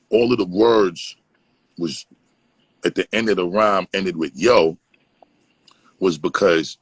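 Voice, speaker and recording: Deep husky New man telling stories. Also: no room sound, poor audio. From East Flatbush, Brooklyn, New York. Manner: animated, profane, slips into voice impressions. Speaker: guest. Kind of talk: casual storytelling.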